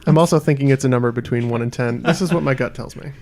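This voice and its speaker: A man with a gravelly edge to his voice, competing in a podcast trivia game. He chats loosely and fills his explanations with ums and uhs. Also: medium pitch, very fast, a little mellow, slight background noise. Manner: chatty, explains facts with many fillers. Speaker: podcast regular, quiz contestant. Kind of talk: casual banter.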